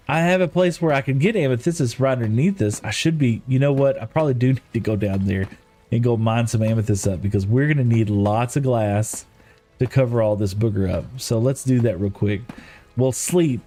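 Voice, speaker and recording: With a mid-range, warm voice, a middle-aged man makes casual live-stream chat while gaming. He tells rambling stories and chuckles along the way.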